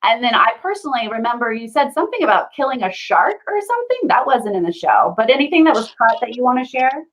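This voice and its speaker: A woman's voice: a little high, fast, hardly any pauses, slight background noise, rough recording. A woman co-hosting a casual interview, reading viewer questions aloud in a friendly, chatty way. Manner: lively, laughs readily, reads viewer questions. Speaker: podcast co-host.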